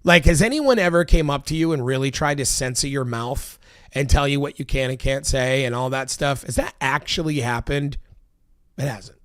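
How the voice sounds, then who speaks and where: A man's voice: medium pitch, moderate pace, dry recording, studio quality. A man giving casual, heated political commentary as he reacts to video clips, swearing and arguing with his viewers. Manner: exasperated, heated, swears often. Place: Los Angeles.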